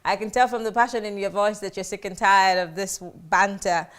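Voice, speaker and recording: A Nigerian woman moderating a live TV talk show, brisk and pushing guests toward the point. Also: mid-range voice, fairly even intonation. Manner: brisk, hurries guests along.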